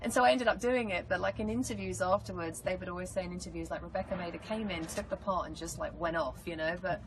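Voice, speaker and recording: An English woman tells stories with bubbly, animated energy, her voice sitting a little low for a woman. She chats casually through fan questions on a live stream. The audio carries clear background noise. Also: fast talker. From England. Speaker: actress answering fan questions.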